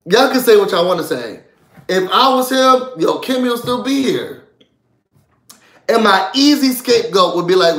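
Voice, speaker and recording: A man's voice: high-pitched, animated, normal speed, a bit bright, echoey room. A man hosting a live reality-show recap, ranting heatedly with lots of profanity. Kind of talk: live stream rant.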